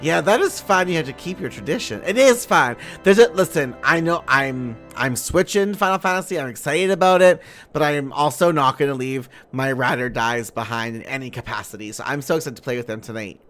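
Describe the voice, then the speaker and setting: A bubbly young woman chatting casually on a live game stream, playful and giggly with a swear here and there. Her pitch bounces animatedly from high to low. Faint game music runs underneath. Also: lively intonation, fairly quick, fairly bright tone. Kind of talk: casual live-stream chat while gaming.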